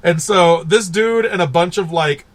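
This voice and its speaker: A man co-hosting a casual podcast, animated and laughing as he recaps films and acts out characters. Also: high-pitched, measured pace. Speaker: podcast co-host. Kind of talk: casual chat.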